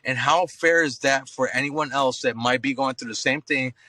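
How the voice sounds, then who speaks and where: A man's voice: mid-range voice, moderate pace, no echo, poor audio. A man in his thirties, an active-duty Marine guest, telling stories in a loose, profane way on a podcast and calling everyone "bro.". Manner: slangy, profane, says "bro" often; animated storyteller acting out voices. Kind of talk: casual podcast storytelling.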